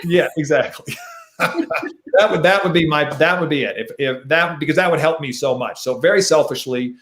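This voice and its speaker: A man's voice: on the high side, moderate pace, fairly bright tone. Man talking in an echoey room. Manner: rambling, restarts phrases. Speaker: mystery author guest. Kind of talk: casual conversation. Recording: roomy echo.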